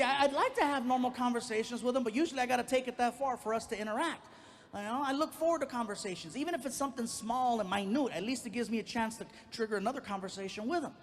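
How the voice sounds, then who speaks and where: A man telling a stand-up comedy story to a live audience in a theater, animated and playful. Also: extremely high pitch, slight background noise.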